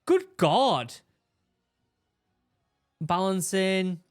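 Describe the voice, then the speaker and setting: A man, a former marine giving casual, animated commentary while reacting to a training video, often restarting his sentences. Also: high-pitched, very slow. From England. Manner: animated, exclaiming, with repeated restarts.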